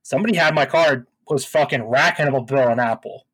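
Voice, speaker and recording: A man's voice: medium pitch, fast talker, slightly rough, dry recording. A young man in casual chat, venting profanely about his call-center job and telling stories with lots of swearing. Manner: profane, venting, animated storytelling. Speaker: podcast co-host.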